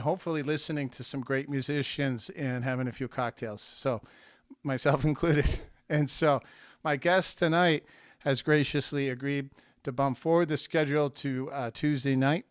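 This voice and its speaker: A man's voice: a little high, smooth, dry recording, studio quality. A man from New England hosting a weekly music interview show in a chatty, rambling way with many fillers. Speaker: podcast host. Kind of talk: casual interview chat.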